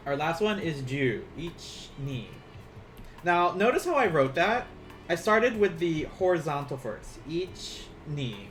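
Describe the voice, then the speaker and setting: Soft music plays behind a man whose fairly high, slightly bright voice swings widely in pitch at a moderate pace. He teaches a casual online language lesson, counting strokes as he writes, chatting, joking about himself and laughing often.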